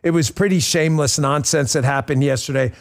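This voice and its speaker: A middle-aged man hosting a political talk show, ranting bluntly and piling up insults in quick emphatic lists. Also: a little high, creaky. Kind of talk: heated political commentary.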